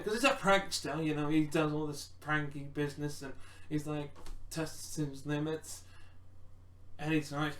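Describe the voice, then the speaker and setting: A man's voice: fairly high pitch, steady tone, measured pace, fairly bright tone, slight background noise. A man rambling casually through wrestling predictions, full of restarts and acted-out quotes. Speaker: wrestling fan predicting matches. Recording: roomy echo, distant from mic.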